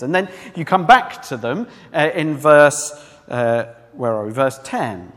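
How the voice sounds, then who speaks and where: A man's voice: a little high, animated, a little slow, a bit bright, in a large hall. A man preaching a sermon in a church, talking conversationally and asking the congregation questions.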